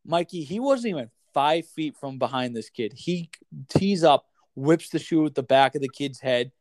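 A man telling a rambling, animated story in casual podcast chat, swearing freely and saying "like" and "dude" a lot. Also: fairly high pitch, moderate pace, no room sound.

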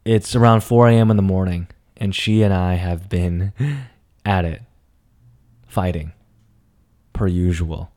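A young man telling a personal story dramatically, swinging between hushed lines and emphatic, profane outbursts. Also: low-pitched, takes it slowly, pauses often.

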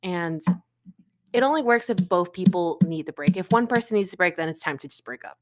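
A woman's voice: on the low side, expressive, brisk, darkish tone, slight background noise. A young woman from Florida, co-hosting a podcast, telling a breakup story in casual chat with lots of filler words and swearing. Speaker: podcast co-host.

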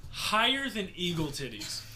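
A young man with a bright, slightly high voice tells a story to a group of friends. He is animated and swears freely, and he drops lower to mimic the people in the story. Faint noise sits under the recording. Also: moderate pace. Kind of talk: casual storytelling.

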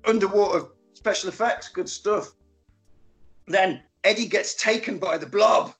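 A man casually recapping a film as a podcast co-host, animated and sweary, acting out characters' lines. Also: high voice, unhurried, echoey room, faint music behind.

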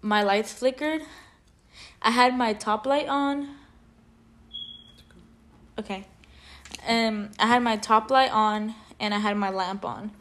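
Young female co-host, casual chat, animated storyteller with heavy filler words. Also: fairly high pitch, slow, long pauses. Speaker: podcast co-host.

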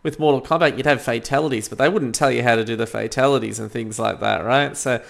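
Gravelly man co-hosting. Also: mid-range voice, quick pace. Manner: joking, animated when riled up. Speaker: podcast co-host. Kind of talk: casual chat.

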